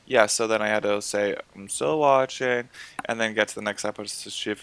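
A man's voice: lowish voice, monotone, fast, a bit bright, clear, resonant tone. A man co-hosting a podcast in casual chat, joking, swearing freely and acting out quotes. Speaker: podcast co-host.

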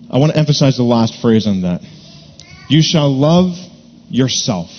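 A man preaching a sermon, earnest and deliberate, repeating key words to stress them. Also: mid-range voice, long reverb tail, dull audio, a little hiss or hum. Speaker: pastor.

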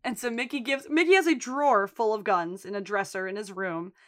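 A woman's voice: medium pitch, a little fast. A woman co-hosting a podcast, casually retelling TV scenes and acting out the lines. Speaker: podcast co-host. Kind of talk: casual recap chat.

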